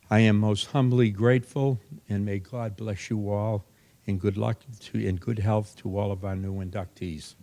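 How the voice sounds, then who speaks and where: A man's voice: lowish voice, a little mellow. An older man giving a folksy, anecdotal hall of fame acceptance speech, acting out the voices of people in his stories.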